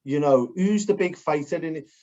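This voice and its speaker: A man's voice: on the high side, normal speed, mellow. Blunt Liverpool man on a podcast. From Liverpool, England. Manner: blunt, swears casually. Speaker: podcast co-host. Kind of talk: casual chat. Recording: dull lo-fi podcast audio.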